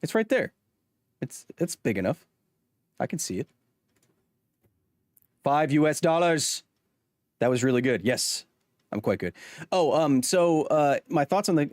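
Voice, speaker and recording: A man chatting casually on a live stream, rambling and cutting himself off, quick to laugh. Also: mid-range voice, a little mellow, no room sound, studio quality.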